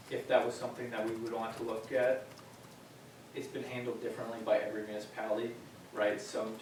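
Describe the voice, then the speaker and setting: Man, flat steady delivery, explaining bylaw details, council chamber, far from the mic, faint background hum. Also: mid-range voice. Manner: explanatory, with frequent fillers. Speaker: municipal staff member presenting a bylaw. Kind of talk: formal meeting presentation. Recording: echoey chamber, distant mic, faint noise.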